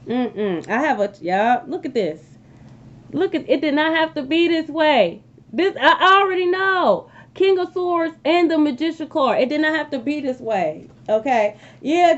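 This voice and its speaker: A woman delivers a tarot reading in a high, animated voice, repeating herself and dropping frequent "okay?" asides. The recording is a little dull and lo-fi. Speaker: tarot reader. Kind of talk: casual tarot reading to viewers.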